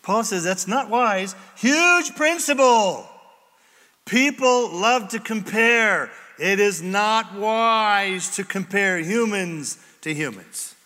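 Male pastor, high lively voice, bright tone, jokey sermon delivery. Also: slow. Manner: animated, jokey, acts out quoted voices. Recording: echoey hall.

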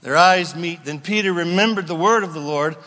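A man preaching a sermon as pastor, animated and playful, acting out voices and asides. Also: a little high, a little fast. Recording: long hall reverb.

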